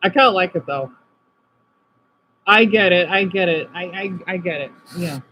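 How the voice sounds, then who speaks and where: High-voiced man chatting with his live chat. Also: moderate pace, a little hiss or hum, low-quality recording. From Arizona, US. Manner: chatty, reacts aloud to comments, swings between subdued and excited. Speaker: streamer reading live chat. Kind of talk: casual live-stream chat.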